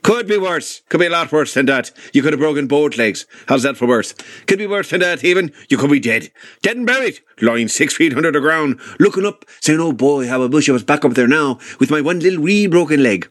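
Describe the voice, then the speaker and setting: Man putting on an old northern irish grandpa, tough-love, high, swooping, exaggerated. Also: expressive, a little fast, a bit bright, dry recording, studio quality. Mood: gruffly comic. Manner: rising, exaggerated, talks himself up.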